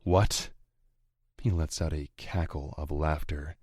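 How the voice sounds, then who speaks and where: A man reads a first-person romance audiobook in a very deep, unhurried voice. His delivery is low and growling, with an edge of menace. The recording is dry and close. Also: fairly even intonation, a little mellow, slightly rough, no echo. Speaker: audiobook narrator.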